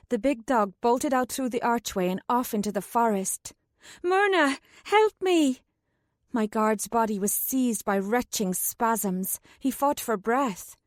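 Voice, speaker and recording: A woman's voice: a little high, darkish tone, no room sound. A woman narrating a first-person fantasy audiobook in a tense, urgent way, close to a studio mic.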